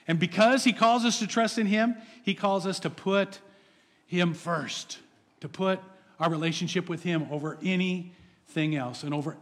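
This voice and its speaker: A man's voice: high voice, big-room sound. A male pastor preaching an earnest, encouraging sermon, often repeating words as he goes.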